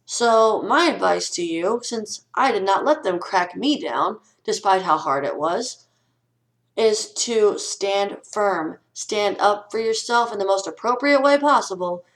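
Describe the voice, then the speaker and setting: Young woman vlogging at home, ranting frank advice, swears a bit, ordinary mid pitch. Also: low-quality recording. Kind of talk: casual vlog advice talk.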